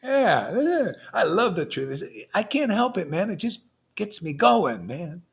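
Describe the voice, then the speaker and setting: Male preacher, fervent and rambling, slangy talk, slightly high voice. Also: measured pace, gravelly. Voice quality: excitable, loud bursts, laughs and shouts, slangy with "man". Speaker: preacher leading a devotional class. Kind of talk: fervent, rambling sermon with verse quotes.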